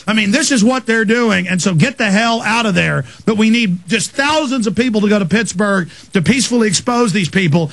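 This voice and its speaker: A man's voice: sits high, gravelly, a bit bright. Man ranting fiery on talk radio. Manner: fiery, ranting, fast torrent of accusations. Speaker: radio host.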